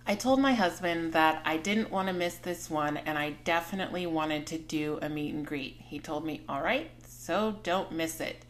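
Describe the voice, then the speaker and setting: A woman's voice: on the low side, a bit bright. A woman in her forties hosting a podcast, telling a personal story in a candid, frank manner with some swearing. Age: 40s. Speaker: podcast host.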